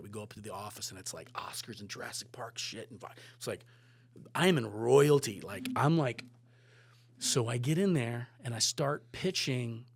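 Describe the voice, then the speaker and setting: A man telling a story as a podcast guest, lively, swearing, moving from loud bursts to hushed asides. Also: on the low side. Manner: animated, swearing, swings between loud and hushed. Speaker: guest photographer and director. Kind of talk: casual storytelling.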